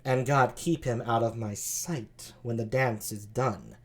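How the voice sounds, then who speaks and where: A man doing a sultry slow gentlewoman. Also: mid-range voice, pitched below the performer's own voice, close to an everyday voice.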